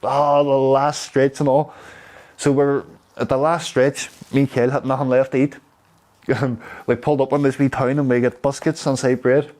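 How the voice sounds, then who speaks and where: A man from Derry with a Derry accent, telling stories in a rambling, halting way. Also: mid-range voice, level tone, darkish tone. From Derry, Northern Ireland. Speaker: interviewee. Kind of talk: casual storytelling.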